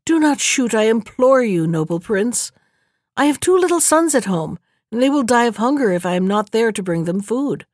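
A small mother wood pigeon, as a woman puts her on for a storybook, pleading high and earnest. The voice is dry and close, with no room sound behind it. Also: animated, normal speed, no room sound, lightly acted.

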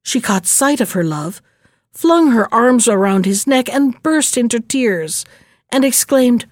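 A woman reading a fairy tale aloud in a slow, measured narrating voice. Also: on the high side, lively intonation, no room sound, studio quality. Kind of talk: storybook reading.

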